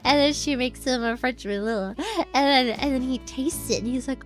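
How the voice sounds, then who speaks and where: A woman's voice: high-pitched, normal speed, faint music behind. Giggly woman rambling a made-up story. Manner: rambling, giggly, repeats "and then". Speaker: streamer. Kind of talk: improvised bedtime story on stream.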